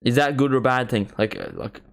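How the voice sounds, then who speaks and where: A man with a mild Northern Irish accent hosts a live football watchalong. He talks in a casual, chatty way at a mid-range pitch and swears freely. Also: fairly quick, creaky. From Northern Ireland. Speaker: watchalong host.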